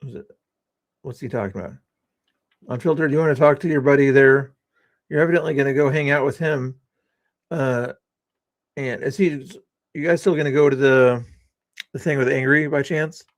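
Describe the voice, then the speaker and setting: A man's voice: mid-range voice, moderate pace, long pauses, no room sound. A man hosting a casual livestream, rambling and teasing his guests and chat with sarcastic inflection. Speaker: livestream host.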